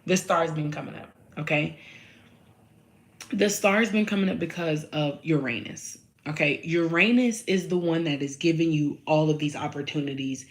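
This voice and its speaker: Her voice sits low and her pace is normal as she reads tarot and astrology casually for viewers. She's lively, profane, and keeps repeating lines to drive points home.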